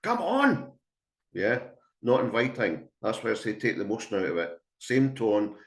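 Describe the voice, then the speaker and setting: A man's voice: lowish voice, a little fast, echoey room. A Scottish man working as a dog trainer, giving a chatty, emphatic webinar talk to a live audience and acting out calls to a dog. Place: indoor room with an audience.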